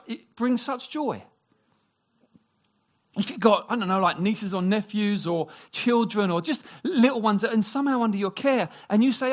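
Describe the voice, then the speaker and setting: High-pitched guy preaching, gets all excited then goes real quiet acting out voices. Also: moderate pace. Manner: animated, acts out quoted voices, drops to a hush. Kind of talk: sermon.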